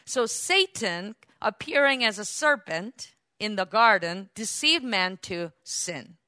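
Bright-voiced woman teaching the Bible. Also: mid-range voice, slow, clear, resonant tone, no echo, clean studio sound. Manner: animated, engages listeners with questions. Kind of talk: sermon-style Bible teaching.

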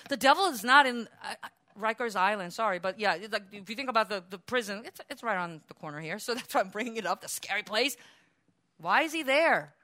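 A woman pastor preaching a sermon in a church, animated, acting out quotes and laughing often. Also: medium pitch, brisk.

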